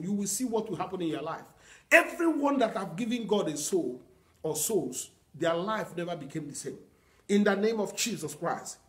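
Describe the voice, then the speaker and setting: Earnest preaching man, fairly high voice. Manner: earnest teaching with repeated phrases and quoted prayers. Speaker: pastor. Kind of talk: sermon.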